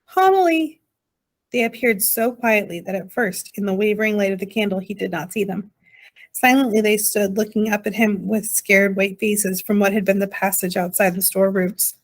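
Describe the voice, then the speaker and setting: A woman narrating a children's novel in a gentle, measured reading voice. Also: mid-range voice, steady tone. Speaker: audiobook reader. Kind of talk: storybook narration.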